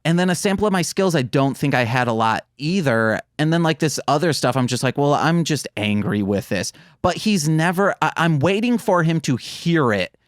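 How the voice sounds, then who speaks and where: A man co-hosting a podcast in casual chat, candid and sardonic, joking about dark subjects. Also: on the high side, animated, a little fast, hardly any pauses, dry recording, clean studio sound. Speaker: podcast co-host.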